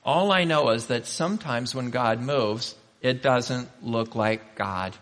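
Male pastor, sermon, chatty storytelling, rhetorical questions, mid-pitched voice, long echo of a large hall. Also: takes it slowly, fairly bright tone.

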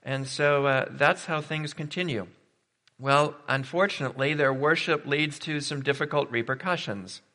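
A man preaches a sermon in an easy, conversational manner, thinking aloud with rhetorical questions and the odd "uh". His voice is bright and clear at a middle pitch. It carries with a long reverb through a large hall.

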